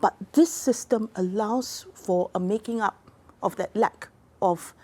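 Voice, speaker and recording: A woman, an expert guest explaining policy in a deliberate, formal and precise way. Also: medium pitch, mellow. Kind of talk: explanatory interview talk.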